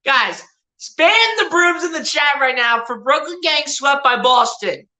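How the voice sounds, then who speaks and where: A woman's voice: high voice, expressive, a little slow, bright, forceful tone. A woman streaming live play-by-play as a fan, calling plays and trash-talking rivals, laughing often. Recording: roomy echo.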